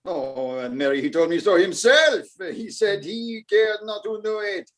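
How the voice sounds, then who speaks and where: A man's voice: sits high, measured pace. A man playing a wry, teasing French nobleman in a Shakespeare performance. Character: mocking French nobleman before battle. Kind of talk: Shakespeare stage acting.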